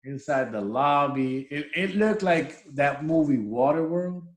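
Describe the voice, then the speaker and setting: Relaxed man bantering in an echoey room. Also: on the high side, unhurried. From Dominican heritage. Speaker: podcast co-host. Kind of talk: casual chat.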